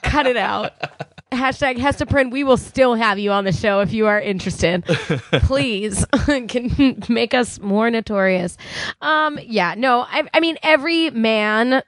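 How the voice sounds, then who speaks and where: Slow-talking woman podcast co-host, dry mic. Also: a little high, lively intonation, no room sound. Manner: laughs often, swears casually. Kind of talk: casual chat.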